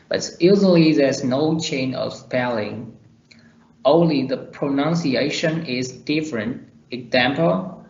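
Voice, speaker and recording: A man giving a class presentation on pronunciation, reading his examples out slowly and deliberately. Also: medium pitch, vocal fry. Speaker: student presenter. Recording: roomy, dull lo-fi recording.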